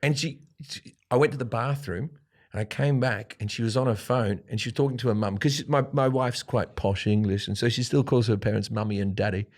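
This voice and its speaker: Mężczyzna z australijskim akcentem, w średnim wieku, opowiada w wywiadzie barwne, wulgarne historie i odgrywa cudze kwestie. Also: male voice, medium pitch, fairly quick. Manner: profane, animated storytelling with acted-out quotes. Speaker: guest comedian. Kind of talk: storytelling in a casual interview. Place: studio.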